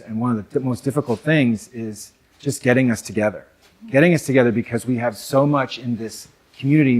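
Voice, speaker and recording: Before a live audience, a young North American man reflects on men's work in a conversational way, at medium pitch. His talk wanders through plenty of asides and filler words.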